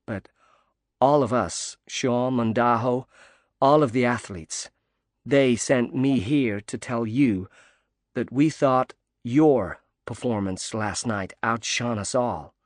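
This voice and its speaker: A man voicing a cheery young American woman athlete with an American accent, gracious and gently emphatic, in an audiobook reading. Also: medium pitch, slow pace, no room sound, clean studio sound, natural voice.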